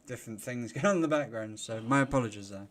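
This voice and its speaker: A chatty man hosting a livestream talks fast at a medium pitch, greeting viewers by name. He laughs often during this casual live-stream chat.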